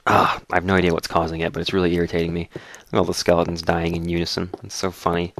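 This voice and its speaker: Brief: man, dry throat, deep voice, relaxed rambling let's-play host. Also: fast talker, gravelly, slight background noise. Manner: rambling, relaxed, narrates as he plays. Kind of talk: casual gaming commentary.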